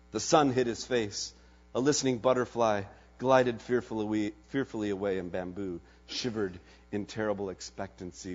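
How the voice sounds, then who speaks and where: A man preaching a sermon and telling a story dramatically, swinging between loud and hushed delivery. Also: on the low side, moderate pace. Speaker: pastor. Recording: dull lo-fi recording.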